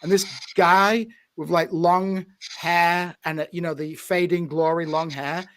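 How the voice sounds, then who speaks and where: A man's voice: fairly high pitch, little pitch movement, a little slow, a bit bright, no room sound. An English man co-hosting a podcast, telling jokey anecdotes in casual chat. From England. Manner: jokey, plays with accents. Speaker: podcast co-host.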